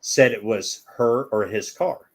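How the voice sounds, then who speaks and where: A man's voice: fairly low pitch, slow. A man telling long stories as a guest in a casual chat, rambling and acting out the people in them.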